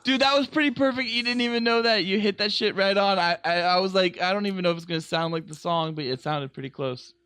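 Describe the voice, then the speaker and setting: A man's voice: sits high, fast talker, hardly any pauses, bright, forceful tone, clean tone, dry recording. A man co-hosting a comedy podcast, chatting casually, laughing and repeating himself. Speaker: podcast co-host.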